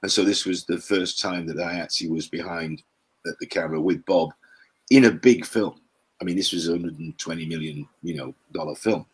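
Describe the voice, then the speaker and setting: An older man telling rambling stories as an interview guest, with a low, husky voice. He pauses often and clears his throat between his memories. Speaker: actor, guest. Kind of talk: interview chat, storytelling.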